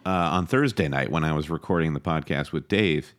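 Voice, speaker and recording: A man's voice: a bass voice, brisk. A man co-hosting a podcast in casual chat, wry and confident. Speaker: podcast co-host.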